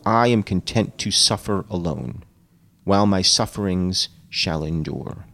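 A man reading aloud and voicing an anguished, remorseful male creature in a slow, low, hushed delivery. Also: creaky, full character voice. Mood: despairing.

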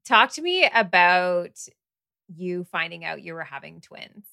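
A woman's voice: fairly low pitch, very animated, unhurried, vocal fry, bright, forceful tone, no room sound, studio quality. A woman hosting a podcast in casual chat, effusive and laughing often. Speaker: podcast host.

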